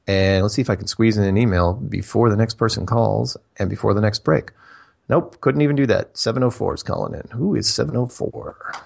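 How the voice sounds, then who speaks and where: A man's voice: lowish voice, fairly quick, gravelly, a little mellow. Emphatic male call-in radio host. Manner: emphatic, repeats points for stress.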